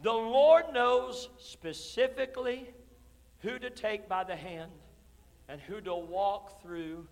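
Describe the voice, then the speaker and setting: A pastor preaching an impassioned sermon in a church, moving from hushed, drawn-out lines to shouted declarations. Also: male voice, high voice. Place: church sanctuary. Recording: long reverb of a church hall.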